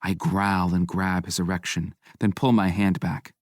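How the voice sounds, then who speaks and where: A male audiobook narrator with a very low voice, reading at an unhurried pace. His delivery is intimate and measured, recorded dry and close to the mic. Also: level tone, no echo.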